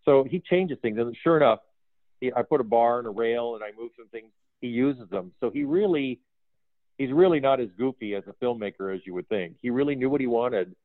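A man's voice: mid-range voice, brisk, no room sound. Man telling film-set stories over a tinny line. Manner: animated anecdotes with quoted dialogue, laughs often. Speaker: film art director, guest. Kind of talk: casual storytelling interview. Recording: phone-like dry audio.

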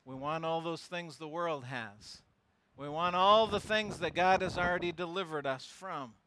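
A man's voice: a little high, a little slow, pushed and bright. A pastor preaching a sermon, teaching verse by verse and pressing his listeners with emphatic rhetorical questions.

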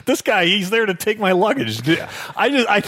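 A man co-hosting a casual podcast about movies, lively and amused, laughing along with his co-host. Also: high-pitched, moderate pace, dry recording.

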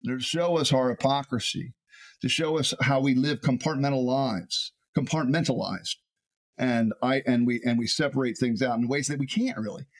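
A man, a pastor, preaching a sermon in an animated way, often repeating words as he builds a point. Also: medium pitch, moderate pace.

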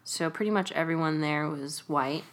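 A woman's voice: sits low, moderate pace, a little hiss or hum. Chatty young woman from California. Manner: chatty, laughs often, many "like" fillers. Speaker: interview guest. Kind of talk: casual conversation.

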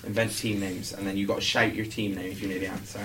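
A man hosts a quiz on a student podcast, chatty and giggly and using lots of fillers in a casual chat. His voice is fairly low with a flat delivery and a quick pace. He's a little off-mic in a noisy room, so the mic sounds distant.

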